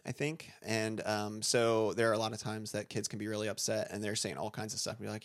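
A man's voice: lowish voice, flat delivery, brisk, few pauses. A man co-hosting a podcast, talking through ideas in a thoughtful, meandering way with many restarts and fillers. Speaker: podcast co-host, school staff. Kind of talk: casual conversation.

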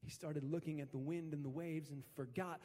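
High-voiced pastor preaching in a hall. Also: male voice, brisk. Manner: conversational, animated storytelling with slang. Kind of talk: sermon. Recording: long hall reverb.

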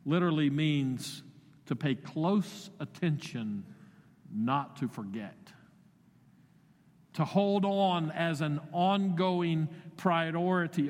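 A man's voice: a little high, takes it slowly. A man preaching a sermon as pastor, conversational, with wry asides and shifting emphasis. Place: church sanctuary. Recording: long reverb of a church sanctuary.

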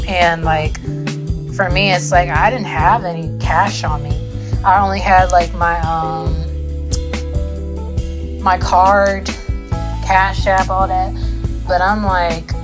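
Over background music, a young woman with a lowish voice tells a story for her casual vlog, speaking slowly with long pauses. She swears a lot, peppers everything with "like," and retells events in an animated way.

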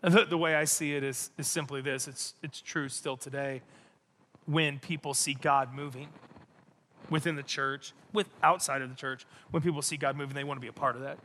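A male pastor preaching a sermon in an animated, emphatic way, often repeating his phrases. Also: fairly high pitch, big-room sound.

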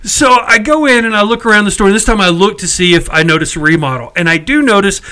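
High, bright-voiced man telling a story. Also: lively intonation, fast talker, low-quality recording. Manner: chatty, exasperated, salty language. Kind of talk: casual storytelling chat.

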